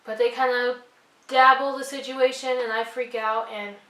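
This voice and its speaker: A woman's voice: a little high, level tone, normal speed, bright, forceful tone, roomy sound, distant mic, low-quality recording. A young woman vlogger telling a personal story, earnest and apologetic, rambling with lots of fillers. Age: young adult.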